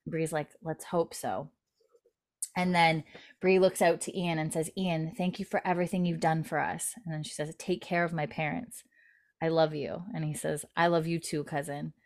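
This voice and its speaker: A woman's voice: low-pitched, level tone, moderate pace. A woman recapping a TV episode in casual chat, quoting characters in lightly put-on voices and giggling often. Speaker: recap host.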